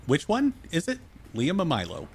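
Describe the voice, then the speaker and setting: A man's voice: a little high, huge pitch swings, normal speed, slightly rough, pitched above the performer's own voice, heavily acted. A man voicing a poised, confident woman in a tabletop game, with a wry, upbeat manner. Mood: breezy. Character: poised, confident adult woman named Arancis.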